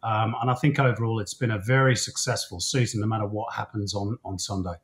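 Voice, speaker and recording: A man speaking as a football commentator guest, giving relaxed, chatty analysis with many fillers. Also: lowish voice, a little fast. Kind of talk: casual interview chat.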